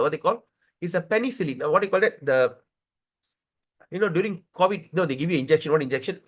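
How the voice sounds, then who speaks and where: High, lively middle-aged man teaching. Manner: searching for words, repeating himself, asking the audience questions. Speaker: devotional class teacher. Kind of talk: devotional scripture class.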